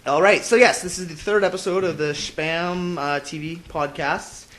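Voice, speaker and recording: A man's voice: a little high, steady tone, moderate pace, fairly bright tone, slight background noise. A young man hosting a casual podcast, joking, laughing often and tripping over his words. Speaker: podcast host. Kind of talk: casual chat.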